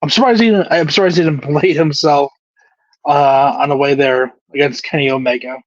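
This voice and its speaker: A man's voice: on the high side, fairly even intonation, normal speed, no room sound. A man co-hosting a casual wrestling recap, joking and laughing through his lines. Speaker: podcast co-host. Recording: dry, dull lo-fi recording.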